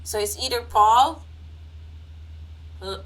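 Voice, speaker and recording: A woman's voice: fairly high pitch, slow pace, fairly bright tone, poor audio. A young woman hosting a casual live-stream reaction, playful and exclaiming as she talks straight to her viewers.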